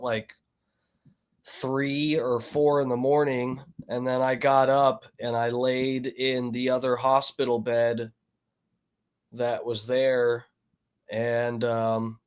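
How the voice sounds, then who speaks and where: A grieving man streaming live, talking in a halting way with many restarts and curses. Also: mid-range voice. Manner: halting, full of restarts and swearing. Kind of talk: casual livestream talk.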